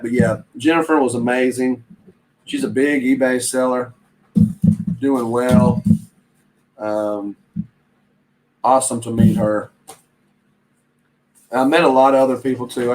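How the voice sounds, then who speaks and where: A man's voice: mid-range voice, poor audio. Chatty man hosting a reselling stream. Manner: rambling, chatty, reads viewer comments aloud. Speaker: reselling channel host. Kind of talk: casual live-stream chat.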